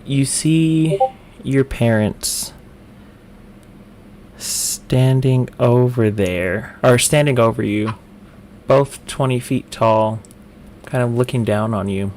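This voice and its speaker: A man running a tabletop game as dungeon master, narrating in a halting way with frequent ums. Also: mid-range voice, a little mellow, a little hiss or hum.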